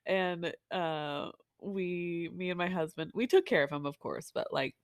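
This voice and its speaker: Nasal-voiced woman telling a slow story. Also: lowish voice, no room sound, studio quality. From Oregon, US. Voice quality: nasal from allergies. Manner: animated storytelling, acting out family quotes. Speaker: podcast co-host. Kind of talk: casual chat.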